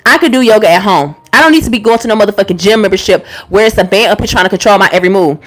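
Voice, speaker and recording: A woman streamer telling a story to her viewers in a profane, animated rant, answering her chat as she goes. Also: a little high. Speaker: YouTuber and live streamer.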